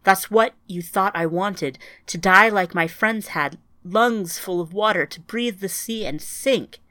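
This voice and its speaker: A woman's voice: medium pitch, a little slow, sharp tone, dry recording. A woman playing a grieving older woman with grandchildren, speaking in an earnest, strained, searching way in an audiobook. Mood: pained.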